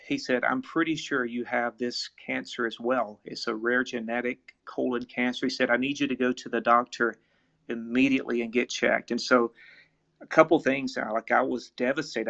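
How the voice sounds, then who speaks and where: A man sharing an earnest, halting personal story at a live online charity event, over dull lo-fi online audio. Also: medium pitch, vocal fry, fairly bright tone. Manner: earnest, halting, grows emotional.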